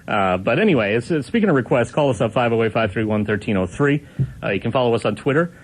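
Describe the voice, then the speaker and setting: A male radio host talks in a loose, playful way and laughs often. His voice sits at an ordinary middle pitch. He reads the station details in a chatty tone. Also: animated, fast talker. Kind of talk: casual on-air banter. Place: college radio studio.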